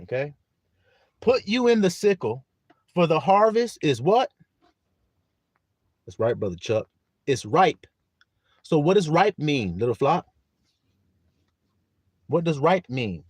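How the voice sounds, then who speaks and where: A man preaching a live-streamed sermon, his pitch leaping high and dropping low as he rises and falls. He reads scripture aloud, quizzes his listeners and laughs between points. The sound is close and dry, with no room echo. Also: slow pace, long pauses, slightly rough. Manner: animated preaching, greets viewers by name, laughs often.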